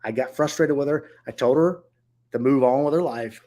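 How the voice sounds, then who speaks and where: A middle-aged man tells viewers a story about a difficult guest at one of his rentals. He speaks bluntly and swears often, and his voice sits at an everyday pitch. His delivery stays casual and heated. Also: brisk, dark tone. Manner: blunt and profane, heated retelling. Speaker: short-term rental owner.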